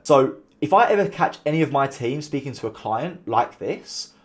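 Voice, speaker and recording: A man talking straight to camera, giving business advice in a casual, animated way and mimicking sarcastic tones to make his points. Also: mid-range voice, moderate pace. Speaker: call center founder giving business advice.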